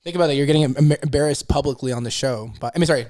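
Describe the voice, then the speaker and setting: A man on a podcast, chatting casually, quick with jokes and laughter. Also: medium pitch, a little mellow. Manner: fast, laughing, jokey interjections. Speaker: podcast guest. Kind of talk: casual chat.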